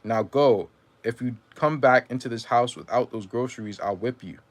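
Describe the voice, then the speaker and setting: A firm, unyielding mother, clipped and commanding in every word, read out by a man. She gives orders with flat finality and allows no argument. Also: mid-range voice, normal speed, lightly acted. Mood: stern. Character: stern, hard-pressed mother, firm and unyielding.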